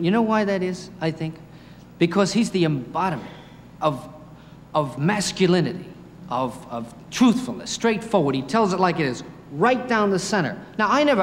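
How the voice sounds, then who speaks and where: A male stand-up comedian telling stories with many chatty asides. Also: a little high. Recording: roomy hall with faint noise.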